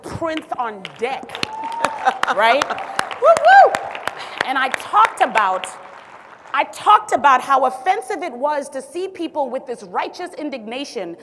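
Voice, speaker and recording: Sassy woman speaking in a big hall. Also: high voice. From Zimbabwe. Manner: sassy, animated asides to the audience. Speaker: physician and city health director speaking on stage. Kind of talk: storytelling public talk. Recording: long reverb of a large hall.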